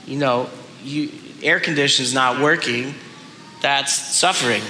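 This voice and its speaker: A man's voice: medium pitch, measured pace, sharp tone, a little hiss or hum. A man preaching a sermon in a church, earnest and self-deprecating. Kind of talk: sermon clip. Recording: roomy hall with faint ambience.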